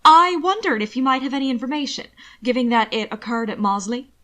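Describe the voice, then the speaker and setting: A woman voicing a chatty noblewoman and mother who coaxes and gossips eagerly in a lively way. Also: high-pitched, fast. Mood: coaxing, gossipy.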